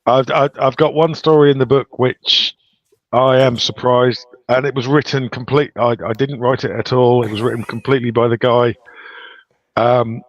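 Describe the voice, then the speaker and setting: A man, a guest in a casual interview, speaking in a measured way with stumbling restarts. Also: medium pitch, fairly even intonation. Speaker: guest, book author and festival organiser. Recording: dry, dull lo-fi sound.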